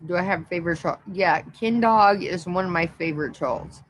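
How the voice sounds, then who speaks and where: A woman's voice: fairly low pitch, brisk, slight background noise, poor audio. A woman hosting a casual livestream, laughing constantly between phrases and swearing casually. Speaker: livestream host.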